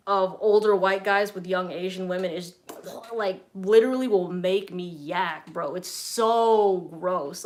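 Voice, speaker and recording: Young woman, casual live Q&A host, blunt and chatty, swears a lot, mid-pitched voice. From Southern California. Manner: chatty, blunt, swears freely, reads out viewer comments. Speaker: fragrance reviewer and streamer.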